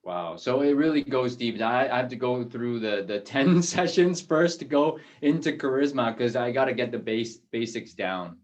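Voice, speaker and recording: A man's voice: mid-range voice, moderate pace, hardly any pauses. Man hosting a casual video call. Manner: relaxed, many fillers and restarts. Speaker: host. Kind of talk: casual interview.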